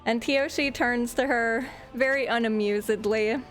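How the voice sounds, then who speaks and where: A woman's voice: fairly high pitch, fairly even intonation, a little slow, faint music behind. A woman narrating a tabletop game as game master in a casual, rambling way, sometimes searching for words.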